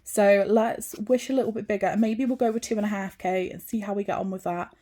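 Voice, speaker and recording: A woman's voice: mid-range voice, fairly even intonation, a little fast, mellow. A British woman talking casually in a home vlog, rambling with fillers as she shows her freshly painted room. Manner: chatty, rambling, with many fillers. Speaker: vlogger. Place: home being decorated.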